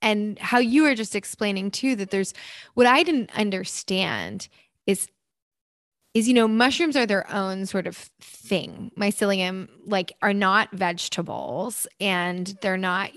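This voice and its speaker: A woman's voice: mid-range voice, unhurried, a bit bright, no room sound. A woman in her thirties hosting a casual interview, chatty and self-interrupting, laughing easily. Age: 30s. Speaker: podcast host.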